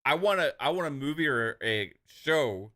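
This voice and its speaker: A man's voice: a little high, animated, moderate pace, pushed and bright. A man co-hosting a live stream, chatting casually and enthusiastically about game trailers in loose slangy talk. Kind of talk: casual gaming show chat.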